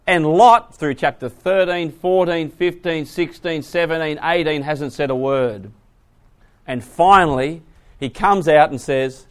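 A male preacher with a fairly high voice teaches a Bible class and calls out questions to his listeners. He moves from quiet, hushed asides to loud, pressing emphasis. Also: unhurried. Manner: asks the audience questions. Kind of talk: sermon.

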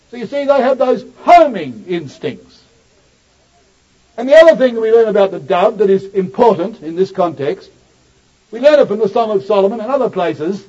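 A man with a high-pitched, slightly mellow voice preaches a sermon, calling his listeners brothers and sisters and climbing to emphatic peaks on scripture. The recording is dull and lo-fi.

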